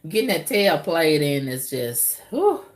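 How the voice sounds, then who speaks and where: Drawling animated woman talking to camera. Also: medium pitch, unhurried. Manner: drawling, animated, loud whoops and exclamations. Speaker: vlogger. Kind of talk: candid casual monologue to viewers.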